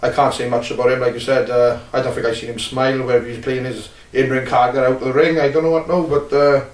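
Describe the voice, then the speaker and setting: A Welsh man, a wrestler, talking bluntly and rambling with many filler pauses in a casual interview. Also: medium pitch, level tone. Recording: roomy, distant mic.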